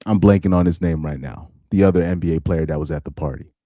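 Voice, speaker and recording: A man commenting on a live stream in a halting way, often repeating words and reading quotes aloud. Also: deep voice, mellow, no room sound, studio quality.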